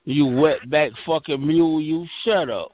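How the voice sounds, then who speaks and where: A man's voice: on the high side, measured pace. Mocking man over a phone line. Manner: mocking, trash-talking. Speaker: chat line caller. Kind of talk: heated phone argument.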